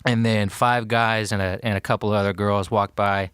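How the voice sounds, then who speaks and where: American guy for a podcast-guest storyteller, low smooth voice, acts out the quotes, dry studio sound. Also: moderate pace, no room sound. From United States. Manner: animated retelling, acting out quotes, many fillers. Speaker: podcast guest, war veteran. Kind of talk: casual storytelling.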